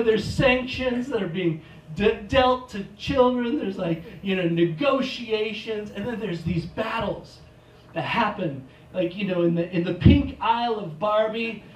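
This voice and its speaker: Male stand-up comic with a slow, rambling, self-deprecating delivery and loud outbursts, recorded from a distance in a reverberant theater. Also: sits high, slight background noise. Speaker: stand-up comedian. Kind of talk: stand-up comedy set. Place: theater stage. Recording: echoey theater, mic from a distance.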